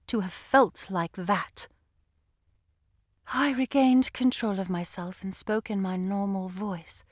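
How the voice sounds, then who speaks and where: A woman narrating an audiobook in the first person, with a measured, unhurried reading. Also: medium pitch, steady tone, no room sound, studio quality.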